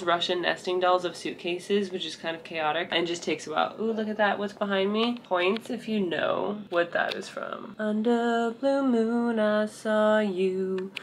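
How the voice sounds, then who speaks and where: A chatty young woman from Canada vlogging from her bedroom. She talks casually and playfully, dipping into silly put-on accents now and then. A faint background hiss sits under her mid-pitched voice. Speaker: vlogger and writing teacher. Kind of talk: casual vlog chat. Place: bedroom at home.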